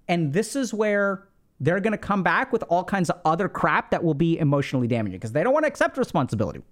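A man's voice: high voice, sing-song, quick pace. A man hosting an advice podcast, explaining in a casual, conversational way, often checking in with "right?" and using "like" a lot. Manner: conversational, many "like" fillers and "right?" check-ins. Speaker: podcast host giving relationship advice.

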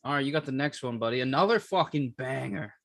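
A man's voice: mid-range voice, lively intonation, quick pace, vocal fry, fairly bright tone, dry recording, studio quality. A young man co-hosting a podcast in casual chat, rambling with lots of filler and swearing. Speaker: podcast co-host.

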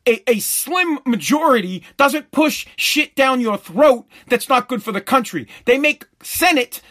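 A middle-aged man hosting a podcast, telling stories in a loose, profane monologue with frequent laughter. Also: extremely high pitch. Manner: animated storytelling, laughs often, swears freely. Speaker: podcast host.

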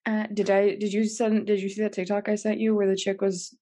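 A woman's voice: mid-range voice, level tone, a little fast, dark tone. A young woman co-hosting a podcast, chatting casually, swearing and laughing often as she tells stories. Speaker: podcast co-host.

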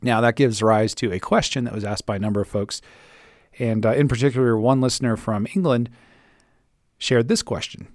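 A man's voice: medium pitch, fairly even intonation, normal speed, dry recording, clean studio sound. A man hosting a podcast, answering listener questions on leadership with an encouraging, reassuring manner. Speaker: podcast host and leadership coach.

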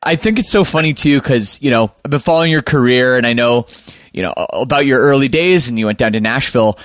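A man's voice: medium pitch, fast, fairly bright tone, no room sound. A young man with a Canadian accent, hosting a podcast in casual chat, upbeat and chatty while he plugs his channels. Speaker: podcast host.

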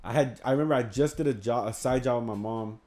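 A young man with a twang tells a long story among friends. He rambles, swears freely and acts out the lines of everyone involved, at a middling pitch. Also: fast, darkish tone. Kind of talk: casual storytelling chat.

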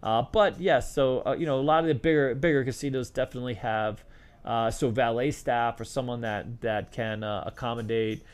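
A man's voice: mid-range voice, steady tone, normal speed, clear, resonant tone. A middle-aged man, a former craps dealer, answering questions and telling stories in a rambling, casual way full of fillers and restarts. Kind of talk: casual storytelling Q&A.

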